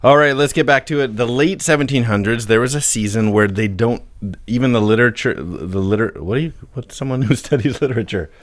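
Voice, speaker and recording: A man's voice: mid-range voice, brisk, dry recording. A man co-hosting a casual podcast, reading old quotes aloud with playful voices and laughing often. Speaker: podcast co-host. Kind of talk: casual chat.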